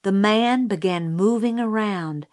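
A woman narrating an audiobook in a measured, steady storytelling manner. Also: medium pitch.

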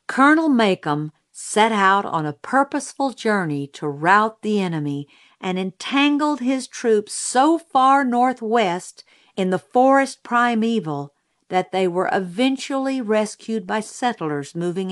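A woman narrates a story in a measured, steady reading voice. Her pitch sits in the middle of the range, and she takes her time over each line. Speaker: audiobook narrator.

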